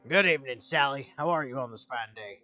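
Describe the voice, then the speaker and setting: A man's voice: medium pitch, brisk, pushed and bright, natural voice. A man voicing a genial male landlord with a put-on Western accent and courteous, old-fashioned phrasing, reading game dialogue aloud. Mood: polite. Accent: put-on American Western.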